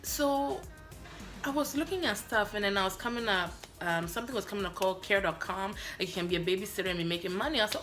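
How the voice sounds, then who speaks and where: A woman from Africa telling a story in a lively vlog, acting out both sides of her phone calls. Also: mid-range voice, fast talker, faint music behind. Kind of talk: animated story-time vlog.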